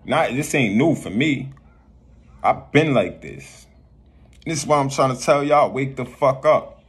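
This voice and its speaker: Husky man on a profane spiritual rant. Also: medium pitch, unhurried. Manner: profane, preachy, repeats himself. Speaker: vlogger.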